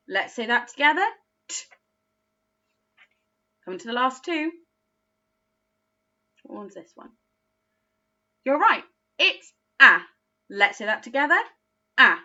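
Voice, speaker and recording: A woman teaching a phonics lesson to young children, speaking slowly with exaggerated, encouraging praise. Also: fairly high pitch, sharp tone, lo-fi sound. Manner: slow, encouraging, sing-song teacher talk with exaggerated praise. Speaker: early years teacher.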